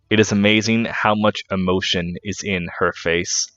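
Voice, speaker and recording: A man's voice: fairly low pitch, fairly bright tone, highs cut off. A man giving casual, jokey commentary on a game he is playing, laughing and swearing freely. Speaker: let's play commentator.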